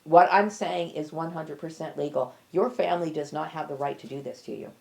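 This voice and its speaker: A woman's voice: deep voice, brisk, creaky, a little mellow. A middle-aged woman in a personal monologue to camera, blunt and defiant, stressing each point with "okay?". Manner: emphatic, repeats "okay?" for stress. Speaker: vlogger.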